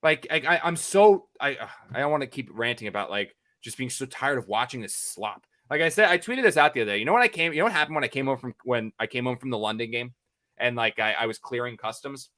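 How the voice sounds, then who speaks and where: A man's voice: mid-range voice, expressive, fast talker, bright, forceful tone. An American man, a sports reporter co-hosting a podcast, ranting in exasperation, repeating himself and swearing freely.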